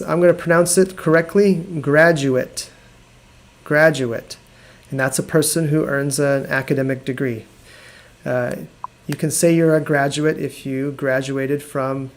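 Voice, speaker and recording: A man teaching an English lesson on a live video stream, explaining patiently and repeating words slowly. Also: on the high side, darkish tone. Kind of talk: live online language lesson.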